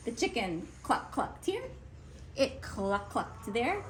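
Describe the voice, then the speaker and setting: Reader: woman, high-pitched, unhurried, expressive storybook narration, faint hiss behind. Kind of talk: children's picture-book read-aloud.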